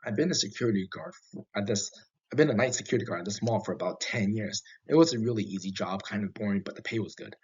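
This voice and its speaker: A man narrates first-person horror tales with a husky, slightly low voice. He talks haltingly, backing up and restarting his sentences. The recording sounds dull and lo-fi. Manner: halting, with frequent restarts and fillers.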